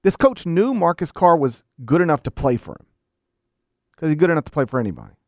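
A middle-aged man gives an argumentative sports commentary, hammering his point with repeated rhetorical questions. His voice sits a little high and has a gravelly edge. The recording is dry and close. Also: sing-song, fast talker, dry recording. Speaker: college basketball commentator. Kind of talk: opinion commentary monologue.

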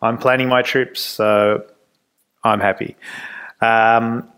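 A man hosting a podcast, wrapping up an episode in an upbeat, relaxed way. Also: medium pitch, takes it slowly, clear, resonant tone. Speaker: podcast host. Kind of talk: podcast outro.

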